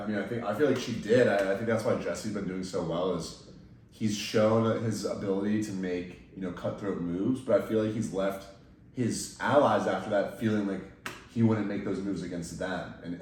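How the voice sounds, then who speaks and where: Deep-voiced man recapping in a roomy space. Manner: detailed, steady recounting with small restarts. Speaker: podcast host. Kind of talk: casual recap chat. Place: indoor room, in person with guests. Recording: echoey room, mic at a distance, faint noise.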